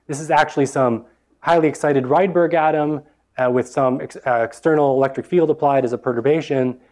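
A man's voice: medium pitch, darkish tone. A young man giving an academic lecture with slides, talking with many fillers and restarts.

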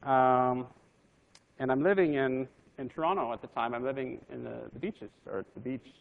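Male physicist, gravelly middle voice, dry conversational storyteller. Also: medium pitch, normal speed, phone-quality sound. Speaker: physicist telling his career story. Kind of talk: anecdotal talk to an audience.

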